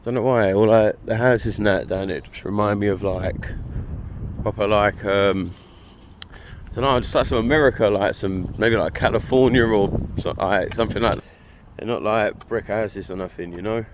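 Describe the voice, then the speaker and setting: A man's voice: on the low side, moderate pace. A man from Essex with an Essex accent, chatting in a rambling, slangy way while walking outdoors by a harbour for his vlog. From Essex, England. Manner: rambling, slangy, full of "like" and swearing. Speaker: vlogger. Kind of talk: casual walk-and-talk vlog. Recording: loud wind noise on the mic.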